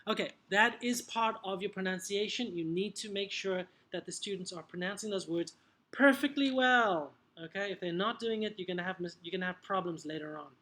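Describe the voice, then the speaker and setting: A man's voice: fairly quick, pushed and bright. Chatty man coaching fellow teachers. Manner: chatty, keeps checking with "okay?", punchy "boom" asides. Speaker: English teacher trainer. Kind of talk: video teaching tutorial.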